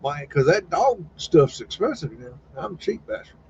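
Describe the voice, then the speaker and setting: A man's voice: fairly high pitch, big pitch swings, moderate pace. Folksy man rambling on a stream. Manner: folksy, swears casually, retells chats in quoted voices. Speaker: live stream host. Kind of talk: casual rambling commentary. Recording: slightly dull, faint background noise.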